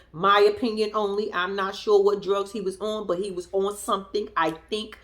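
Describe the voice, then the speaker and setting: A woman recapping a reality show in casual reaction commentary, sassy and profane, talking straight to her viewers and swinging between loud outbursts and low muttered asides. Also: little pitch movement, normal speed, few pauses.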